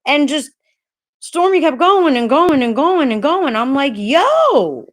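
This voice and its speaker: A woman's voice: high-pitched, lively intonation, measured pace. A woman hosting a casual livestream, greeting viewers by name while rambling, hesitant and upset, with many restarts and swearing. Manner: frustrated and upset. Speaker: livestream host.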